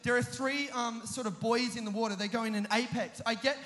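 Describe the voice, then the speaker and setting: Young man, very high voice, comic sermon story, self-mocking, laughs mid-sentence, long hall reverb. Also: fairly even intonation, brisk, fairly bright tone. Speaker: preacher.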